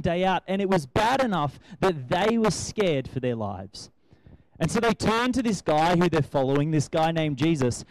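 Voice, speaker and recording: A man's voice: a little high, no room sound, rough recording. Man preaching a casual sermon. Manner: conversational, asks the listeners rhetorical questions.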